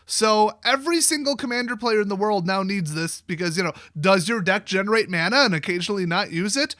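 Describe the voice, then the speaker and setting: A man with a high, bright voice rants about cards with biting sarcasm and open exasperation. He swears freely and mocks what he reviews. The sound is close and dry, with no room around it. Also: expressive, a little fast, no echo. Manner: sarcastic, exasperated, profane ranting. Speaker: card game video host. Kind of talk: sarcastic card review rant.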